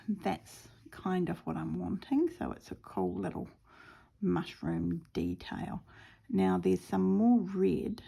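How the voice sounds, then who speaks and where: A woman hosting a casual embroidery tutorial, talking softly to herself and often half-whispering as she works. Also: on the low side, sing-song, slow, vocal fry, husky. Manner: soft, often half-whispered self-talk while stitching; chatty and rambling with fillers. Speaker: embroidery stitch-along host.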